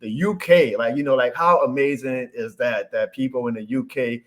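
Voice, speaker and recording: A man's voice: medium pitch, normal speed. A man in his thirties from New Orleans with a thick New Orleans accent, telling stories as a podcast guest in an upbeat, earnest way. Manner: animated storyteller, upbeat and earnest. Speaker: guest content creator. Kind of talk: casual podcast chat.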